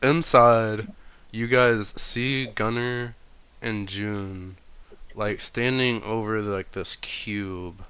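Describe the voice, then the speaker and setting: A man's voice: on the low side, steady tone, very slow, fairly bright tone, clear, resonant tone. A man running a tabletop game, narrating loosely with plenty of fillers. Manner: loose, filler-heavy, laughing. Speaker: game master.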